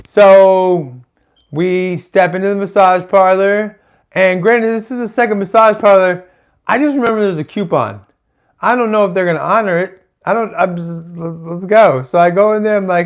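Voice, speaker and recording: Performing live stand-up, a man with a high-sitting voice talks at normal speed. His story rambles, full of restarts, self-interruptions and chatty asides.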